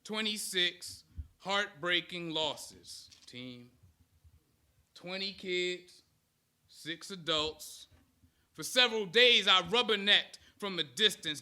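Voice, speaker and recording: A man's voice: high voice, slow, bright, forceful tone. A man in his thirties giving a motivational speech to an audience, rousing them with call-and-response chants. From United States. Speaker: speaker.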